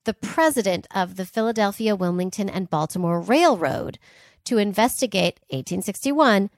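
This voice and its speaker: Podcast co-host, woman, casual storyteller, mid pitch, dry close sound. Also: no echo. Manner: chatty, jokey, fillers and asides.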